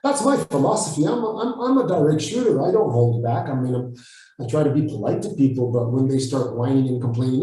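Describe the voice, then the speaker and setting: A man with an Israeli accent answering interview questions, blunt and forceful, swearing freely. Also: medium pitch, a little fast. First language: Hebrew. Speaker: Krav Maga instructor, guest. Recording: echoey room, far from the mic.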